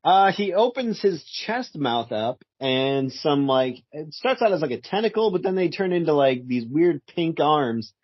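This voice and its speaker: A man co-hosting a casual podcast, playful and quick to laugh. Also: a little high, big pitch swings, no echo, highs cut off. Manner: laughing, playful, acts out quotes. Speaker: podcast co-host. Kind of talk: casual comic book chat.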